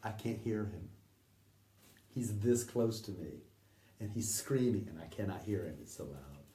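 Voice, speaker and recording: A man, an interview guest, telling a personal story in a vivid, animated way. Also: on the low side, measured pace, echoey room, distant mic, background noise.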